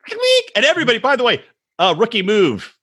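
A man co-hosting a casual comedy podcast, swearing a lot and acting out quotes in an animated way. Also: high voice, quick pace, slightly rough. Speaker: podcast co-host. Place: recording room, west coast.

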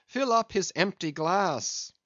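A man reading aloud, voicing an excitable, courtly male Spanish nobleman who speaks in exclamations. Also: high voice, slow pace, no echo, pitched above the performer's own voice, full character voice. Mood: excited. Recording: dull lo-fi audiobook recording.

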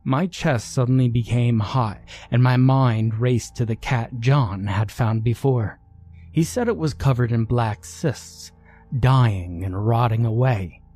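A man narrating a horror story in a measured, deliberate way. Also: mid-range voice, dark tone, soft background music.

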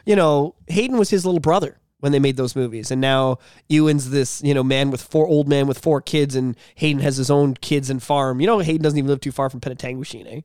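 A man co-hosting a casual podcast, chatting loosely, swearing freely and slipping into quick impressions of film characters. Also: medium pitch, darkish tone, smooth, no echo, studio quality. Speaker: podcast co-host. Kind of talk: casual chat.

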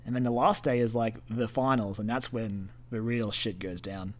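A man's voice: mid-range voice, steady tone, normal speed. Offhand male podcast co-host. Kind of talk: casual gaming chat.

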